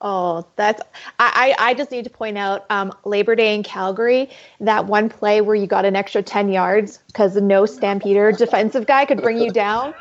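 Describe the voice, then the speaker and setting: A woman's voice: medium pitch, fairly even intonation, normal speed, highs cut off. A woman co-hosting a podcast, asking questions like an enthusiastic fan. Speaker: podcast co-host. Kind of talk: casual podcast chat.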